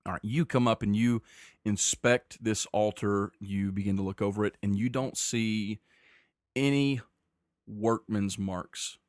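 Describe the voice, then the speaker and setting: A man narrating as game master of a tabletop game, describing scenes in a measured way with frequent restarts. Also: fairly low pitch, steady tone, darkish tone, no echo, clean studio sound.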